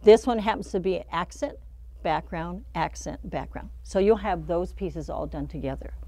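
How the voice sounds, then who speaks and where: Speaking at normal speed in a lowish, dark voice, a middle-aged quilting instructor runs a casual demonstration of a pattern in a shop studio. She talks through the steps and laughs at the little mistakes she makes.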